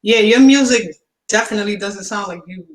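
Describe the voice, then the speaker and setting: A woman's voice: mid-range voice, brisk, low-quality recording. A woman hosting a casual radio interview, chatty and laid-back, using slang and laughing easily. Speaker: radio host.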